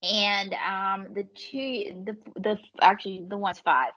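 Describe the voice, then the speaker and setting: A woman comedian and ventriloquist telling lively, swearing anecdotes as a podcast guest. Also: mid-range voice, rough recording. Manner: animated storyteller, swearing, quick quoted voices. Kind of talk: casual podcast storytelling.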